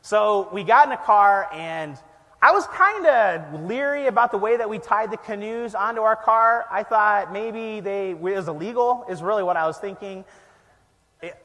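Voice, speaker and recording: High-voiced pastor telling a funny story. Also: male voice, normal speed, big-room sound. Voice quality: animated, self-deprecating, laughs often. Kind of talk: storytelling sermon. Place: church.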